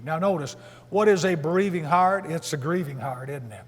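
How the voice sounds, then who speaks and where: High-pitched guy preaching slow and deliberate, lots of echo from the church hall. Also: slightly rough. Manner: deliberate, emphatic, asks rhetorical questions. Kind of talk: sermon.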